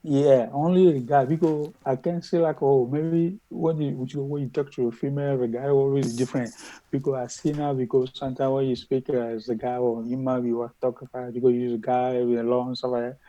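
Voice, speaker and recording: A man with a noticeable foreign accent in a casual coaching chat, talking haltingly with many repeats, restarts and loose phrasing. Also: medium pitch, fairly even intonation, warm tone, no room sound, low-quality recording. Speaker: interview coaching client.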